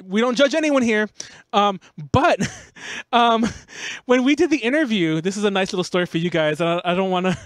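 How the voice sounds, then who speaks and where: High-voiced man in casual podcast chat. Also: moderate pace, dry recording. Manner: rambling, laughing, self-defensive. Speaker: podcast host.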